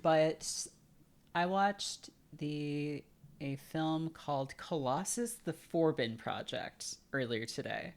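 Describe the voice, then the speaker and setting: A woman's voice: sits low, slow. A woman guest on a podcast, chatting casually and retelling film scenes in quoted voices. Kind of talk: casual chat.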